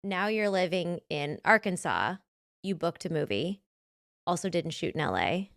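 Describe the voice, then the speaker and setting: A woman's voice: lowish voice, big pitch swings, a little slow, no room sound, studio quality. Enthusiastic woman hosting a podcast chat. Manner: enthusiastic, gushing, asks leading questions. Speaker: podcast host, actress. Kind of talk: casual interview chat.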